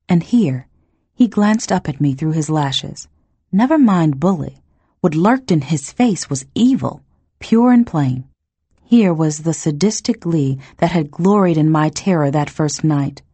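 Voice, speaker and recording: A woman reading a novel aloud in the first person, narrating in a measured, tense storytelling manner on a close mic. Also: low voice, animated, mellow, husky, no echo. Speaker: audiobook narrator.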